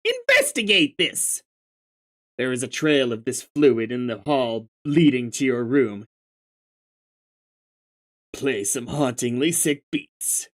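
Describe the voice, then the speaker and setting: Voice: medium pitch, takes it slowly, pauses often, darkish tone. A reader going through a webcomic aloud, mixing narration with casual, profane commentary. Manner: casual, profane, laughs often. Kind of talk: reading a comic aloud with commentary.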